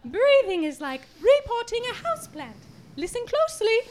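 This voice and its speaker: A woman's voice: extremely high pitch, big pitch swings, normal speed, slight background noise. A woman playing a pompous, eccentric singing teacher in a comedy sketch, talking theatrically and scolding her students with grandiose, odd comparisons. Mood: grandly instructive.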